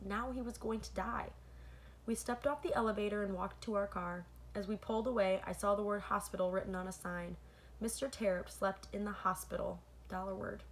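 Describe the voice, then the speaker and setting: A woman reading a children's novel aloud as the host of her own read-aloud channel. She corrects her own slips mid-sentence and pauses to add asides to her listeners. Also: mid-range voice, a little hiss or hum. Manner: stops to comment to listeners between passages.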